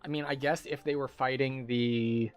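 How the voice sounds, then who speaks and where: A man's voice: mid-range voice, steady tone, moderate pace, soft background music. A man casually commenting while he plays a game, rambling with lots of filler words. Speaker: game streamer.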